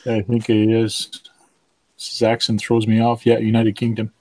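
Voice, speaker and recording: A French-speaking man, whose first language is French, hosts a casual live stream and reads viewer comments aloud, using lots of fillers. His lowish voice is mellow and monotone at a moderate pace, and the recording is rough.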